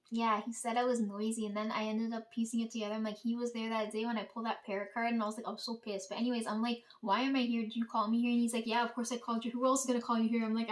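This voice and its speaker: Vlogger, female, a touch higher pitched, loose and profane storyteller who keeps checking in with "right?". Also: fairly bright tone. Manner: profane, rambling, peppered with "like" and "right?". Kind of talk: casual storytelling.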